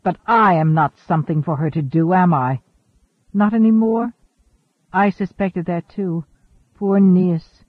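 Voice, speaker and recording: A man's voice: high-pitched, no echo. A man reading as a weary ageless seafarer. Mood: hurt, halting. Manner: earnest, halting. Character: weary ageless male seafarer turned space traveler. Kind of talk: audiobook character reading. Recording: thin phone-like dry audio.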